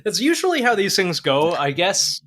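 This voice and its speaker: A man's voice: sits high, big pitch swings, moderate pace. A man with a Canadian accent, co-hosting a podcast in casual, sweary chat. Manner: casual, sweary, trails off quietly. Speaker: podcast co-host.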